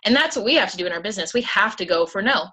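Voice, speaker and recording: A woman's voice: mid-range voice, expressive, rapid-fire, bright, forceful tone, low-quality recording. A young woman and mother of two, co-hosting a sales team call in upbeat, chatty motivational talk, telling stories about her kids. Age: young adult. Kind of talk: casual motivational chat.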